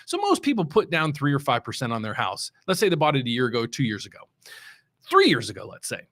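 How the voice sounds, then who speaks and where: His medium-pitched voice swoops wildly up and down at a quick pace, with a fairly bright tone. The speaker, a middle-aged man from West Virginia, is a mortgage loan officer hosting his show and delivering casual, unscripted market talk. He rambles, restarts often, and punches key words hard.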